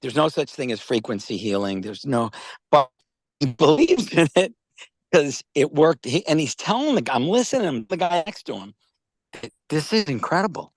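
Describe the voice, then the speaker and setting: With a fairly high, very animated voice at a moderate pace, an older man tells rambling stories on a video call, with no room sound. He's a company founder pitching wellness products, repeating words and frequently checking in with "okay?" and "all right?".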